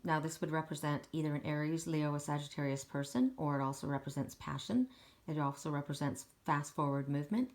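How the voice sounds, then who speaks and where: A woman's voice: low voice, brisk. A woman giving a casual, encouraging oracle card reading, talking in an emphatic, chatty way.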